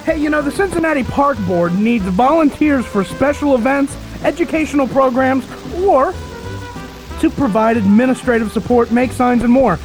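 A man's voice: very high voice, normal speed, faint music behind, poor audio. A man co-hosting a casual radio talk show, brash, mocking and opinionated.

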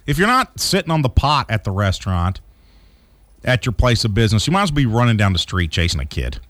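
A man's voice: lowish voice, big pitch swings, fast talker, a bit bright, no room sound. A man co-hosting a radio show, rambling through a news story with jokes and asides. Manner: jokey, rambling, slips into silly accents. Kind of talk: casual comedic radio banter.

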